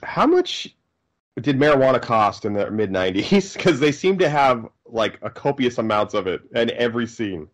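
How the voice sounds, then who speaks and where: A man's voice: medium pitch, big pitch swings, normal speed. A man co-hosting a movie riff commentary, playful and joking.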